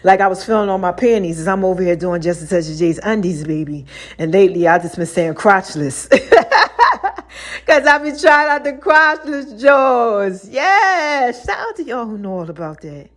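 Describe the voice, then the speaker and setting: A woman's voice: lowish voice, expressive, fairly quick. A woman hosting her own podcast, talking loosely in slang, laughing often and acting out voices as she tells stories. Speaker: podcast host. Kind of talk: casual solo podcast monologue.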